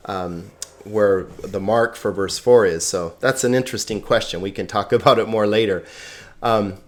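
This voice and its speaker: A man teaching pronunciation, patiently sounding out words syllable by syllable and repeating them. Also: lowish voice. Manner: patient, explanatory. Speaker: Greek teacher. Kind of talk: slow pronunciation lesson.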